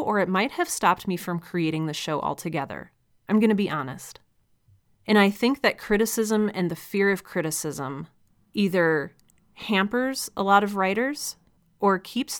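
A young woman hosting a podcast, speaking candidly and reflectively in casual solo talk, with light laughs as she goes. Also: lowish voice. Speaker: podcast host and audio drama creator.

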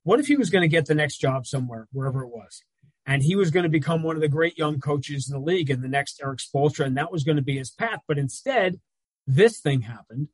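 A man talking basketball in casual chat as a regular analyst, telling stories with quick asides. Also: on the high side, lively intonation, breathy edge, dry recording.

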